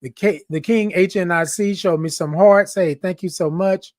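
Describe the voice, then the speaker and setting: A man's voice: sits high, moderate pace, darkish tone, no room sound, studio quality. A man hosting a morning livestream, playfully reading viewer comments aloud. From Texas. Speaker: livestream host. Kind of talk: casual livestream chat.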